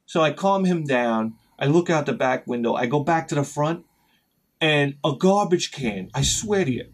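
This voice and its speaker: A middle-aged man telling a rambling, profane story as a video host, sometimes shouting as he acts out his panic. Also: a little high. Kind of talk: casual storytelling vlog.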